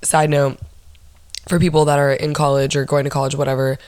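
A young woman in her twenties hosting a solo podcast, telling stories in a blunt, profane, animated way. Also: low-pitched, fairly quick, clear, resonant tone, no echo, studio quality. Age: 20s. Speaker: podcast host. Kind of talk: casual solo chat.

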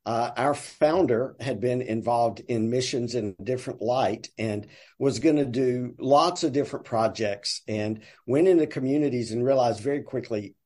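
A man with a Southern American accent from Alabama, a ministry director giving earnest, measured interview answers. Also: mid-range voice, mellow. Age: older. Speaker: guest, ministry sales director.

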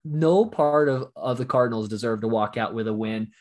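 A man co-hosting a casual sports talk show, telling an emotional fan story with animated bursts, his voice still recovering from shouting. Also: mid-range voice, moderate pace. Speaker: podcast co-host.

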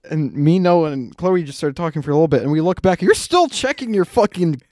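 Young man telling a rambling, animated story. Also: fairly high pitch, a little fast, no room sound, clean studio sound. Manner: animated, rambling, acts out quotes, laughs often. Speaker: podcast co-host. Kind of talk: casual storytelling chat.

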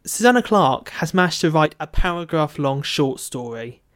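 A man's voice: a little high, lively intonation, normal speed. A man co-hosting a book podcast, chatting casually and animatedly, with plenty of filler words. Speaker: podcast co-host. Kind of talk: casual chat about a book.

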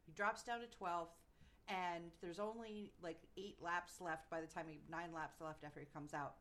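A woman's voice: lowish voice, fairly even intonation, moderate pace, fairly bright tone. A woman co-hosting a podcast, recapping events in casual chat with fillers and playful mock quotes. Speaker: podcast co-host.

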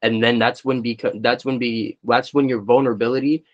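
A man's voice: mid-range voice, level tone, brisk, highs cut off. A young man on a casual podcast, speaking thoughtfully and giving advice. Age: young adult. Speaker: podcast guest.

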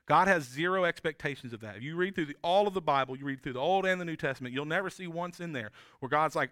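Bright, earnest male pastor preaching. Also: fairly high pitch, fast talker, hardly any pauses, no echo, clean studio sound. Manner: conversational, earnest, with frequent restarts and tag questions. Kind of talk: sermon.

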